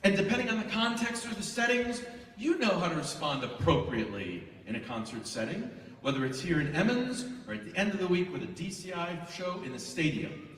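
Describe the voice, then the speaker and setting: A man presenting to a large live student audience in an auditorium, energetic and animated as he directs the crowd. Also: high voice, a little fast. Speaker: event presenter. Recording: echoey hall, voice from far off.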